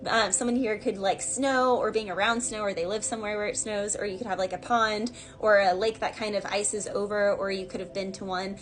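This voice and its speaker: A woman's voice: medium pitch, steady tone, a little fast, hardly any pauses. A woman giving a casual, rambling tarot reading, talking in a chatty way full of fillers and asides. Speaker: tarot reader.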